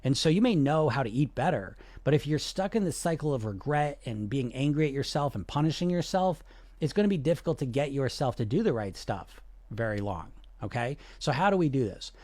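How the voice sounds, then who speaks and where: A man's voice: mid-range voice, expressive, a little fast, darkish tone, no echo. A man, coaching on weight loss and talking earnestly and persuasively, often checking in with the listener. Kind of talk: direct-to-camera coaching talk.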